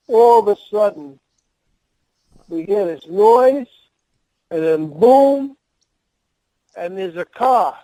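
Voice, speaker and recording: A man's voice: sits high, dark tone, no room sound, poor audio. Older man telling rambling road stories. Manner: rambling anecdotes with laughs and restarts. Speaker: guest, former wrestling manager. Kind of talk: podcast interview storytelling.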